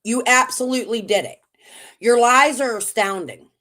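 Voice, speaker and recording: A woman's voice: fairly high pitch, normal speed, bright, forceful tone. A woman on a livestream, accusing and confronting others with emphatic insistence. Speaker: livestream guest. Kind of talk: heated casual commentary.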